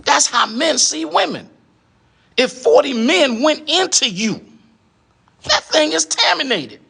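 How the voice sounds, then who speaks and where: A man's voice: very high voice, very animated, unhurried, creaky, sharp tone. A middle-aged man, lecturing in a preachy monologue and firing off rhetorical questions, often adding "huh?". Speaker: online commentator addressing women.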